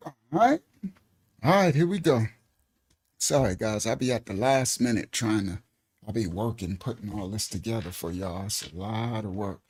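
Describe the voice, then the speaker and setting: A man leads a casual Bible lesson on a livestream through a desk mic, his mid-range voice a little mellow and slightly rough. He keeps things loose and chatty, often saying "all right" and laughing.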